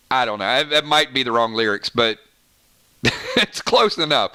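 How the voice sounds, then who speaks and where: Bright, chatty man hosting a livestream. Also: medium pitch, smooth. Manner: chatty and animated, quick asides, frequent "right?". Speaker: host of a gaming channel livestream. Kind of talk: casual livestream chat reading viewer comments.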